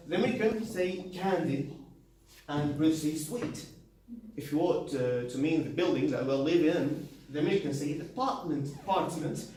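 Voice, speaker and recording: A man giving a university class presentation, halting, with many fillers, restarts and non-native grammar. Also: a little high, mellow, far from the mic. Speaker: student presenter. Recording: very echoey room, voice from afar, faint noise.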